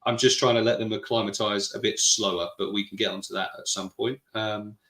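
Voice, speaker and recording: A man's voice: lowish voice, steady tone, fairly quick, pushed and bright, roomy sound. A man with a British accent co-hosting a podcast, reading out chat messages and teasing his co-host. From Britain. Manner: teasing, argumentative, laughs often. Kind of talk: casual chat reading live chat.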